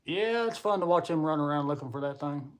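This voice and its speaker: A man's voice: fairly high pitch, expressive, a little fast. A man hosting a casual live stream, rambling and chatting with viewers as he reads their comments. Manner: rambling, chatty, laughs often; talks to viewers while reading comments. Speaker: livestream host.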